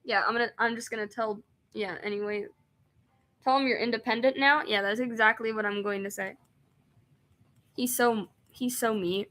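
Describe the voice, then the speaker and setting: A young woman streaming a game, reading its text aloud and chatting excitedly, often laughing and rambling. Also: fairly high pitch, moderate pace, pauses often. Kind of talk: casual let's-play chat, reading game text aloud.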